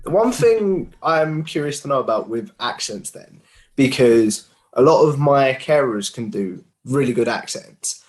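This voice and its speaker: A man's voice: medium pitch, expressive, measured pace. A man from Essex hosting a podcast, asking curious, friendly questions in a casual interview. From Essex, England. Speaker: podcast host.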